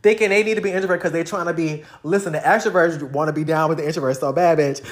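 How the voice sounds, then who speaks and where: Low-pitched and quick, this woman's voice carries a casual rant delivered straight to the camera. The vlogger addresses viewers directly, unfiltered and crude, with lots of slang.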